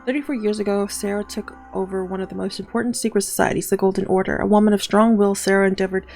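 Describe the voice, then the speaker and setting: A woman with a gravelly, creaky edge to her voice hosts a let's play, reading the game's text aloud and stopping to add exasperated asides of her own. Her pitch sits in the middle range for a woman. Faint game music plays behind her. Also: fairly even intonation, quick pace, a little mellow. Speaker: gaming channel host.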